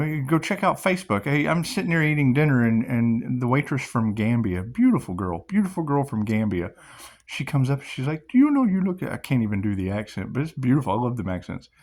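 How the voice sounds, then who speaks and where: A middle-aged man talks in a loose, rambling monologue that drifts between spiritual musings and stories about his own life. He laughs often, swears casually, and swings his pitch widely when he quotes other people. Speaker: channel host.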